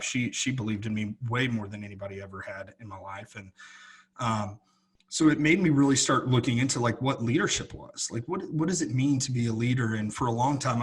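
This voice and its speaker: Guy cohosting a podcast, husky kinda breathy voice, earnest and rambly. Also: medium pitch. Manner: earnest, rambling with many restarts. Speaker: podcast co-host. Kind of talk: casual chat.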